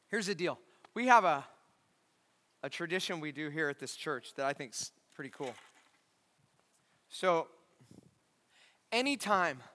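High bright-voiced pastor preaching in a hall. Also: male voice. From California. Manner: animated storyteller, acts out voices, shouts at climaxes. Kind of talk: sermon with acted-out story. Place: large church.

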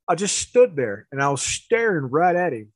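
A man telling a story in casual chat, animated, with laughs and restarts. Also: a little high, moderate pace, no echo, poor audio.

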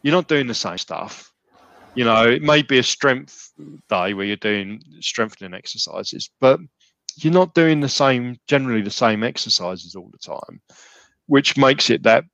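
A man's voice: mid-range voice, expressive, normal speed, fairly bright tone, no echo, lo-fi sound. A man talking casually as a podcast guest, rambling with many restarts and fillers. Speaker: gym client and podcast guest.

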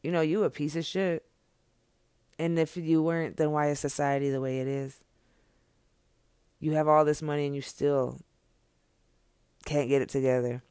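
A man's voice: on the high side, steady tone, moderate pace, long pauses, darkish tone, clear, resonant tone, dry recording, studio quality. A man speaking straight to camera in an impassioned, unscripted monologue, blunt and profane, hammering his points with repeated phrases.

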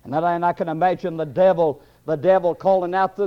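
A man's voice: high voice, steady tone, brisk, few pauses, dark tone, clear, resonant tone. A man preaching a sermon, impassioned and building, with frequent fillers. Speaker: pastor. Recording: dull lo-fi recording.

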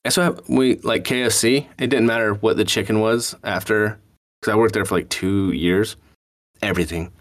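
A man co-hosting a podcast, telling crude fast food stories in casual chat. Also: on the low side, fairly even intonation. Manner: profane, storytelling, laughs often. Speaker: podcast co-host.

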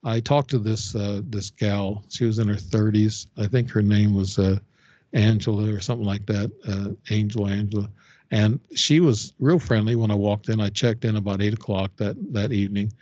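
An older man tells a long personal story as a podcast guest, wandering and restarting his sentences often. His voice sits low, and the recording is dry and a bit dull, with no room sound. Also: steady tone, mellow, no echo. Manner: rambling, halting storytelling with frequent fillers and restarts. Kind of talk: casual storytelling interview.

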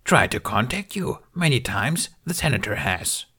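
Yoda, a man doing a high wise old creature voice. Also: big pitch swings, moderate pace, sharp tone, slightly rough, heavily acted. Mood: sage. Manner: inverted word order, sage and wry. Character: ancient small green male Jedi master, wise, teasing. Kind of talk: audiobook reading of fan fiction.

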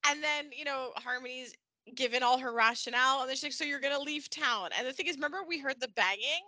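A woman's voice: high-pitched, quick pace, sharp tone, no echo. A woman co-hosting a podcast, chatting casually about a soap episode, laughing often and acting out the characters' lines. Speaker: podcast co-host. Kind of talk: casual recap chat.

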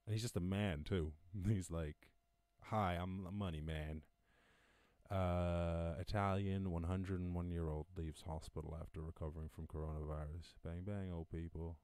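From his home in lockdown, a podcast host with an Irish accent runs a relaxed live-stream, reading news stories and riffing on them while cursing freely and chuckling at his own jokes. He has a deep, warm voice with fairly even intonation, a moderate pace, hardly any pauses, and no echo.

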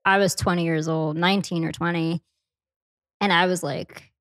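A young woman hosting an interview podcast, affirming her guest and thinking out loud about it. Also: lowish voice, steady tone, no echo. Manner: reflective, affirming listener with quick asides. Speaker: podcast host. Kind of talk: casual interview chat.

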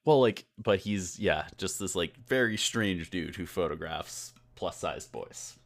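A man hosting a podcast in loose, rambling conversation, casually dropping swear words. His voice sits very low with a gravelly fry running through it. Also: expressive, unhurried. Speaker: podcast host.

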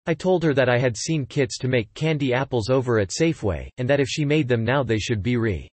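A man narrating a written story in an even, matter-of-fact way. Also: mid-range voice, a little fast, no room sound.

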